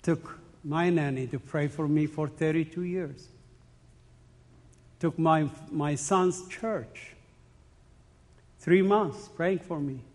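Middle-aged guy, pretty high voice, emotional church testimony, keeps restarting, big echoey hall. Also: slow pace, long pauses, a little mellow. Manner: earnest, emotional, repeats phrases and restarts. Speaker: speaker giving his faith testimony. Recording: long hall reverb.

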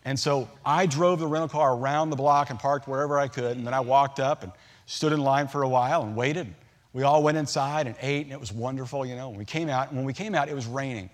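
A middle-aged man preaching a sermon, telling a family story in a relaxed, conversational way with humorous asides. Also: mid-range voice, fairly quick. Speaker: pastor.

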